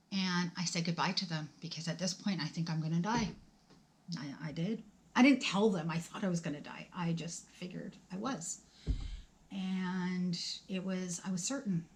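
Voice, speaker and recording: A woman in her forties telling a personal story to the camera in a conversational, emotional way, acting out the dialogue and dropping to a whisper at times. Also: fairly low pitch. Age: 40s. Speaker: vlogger.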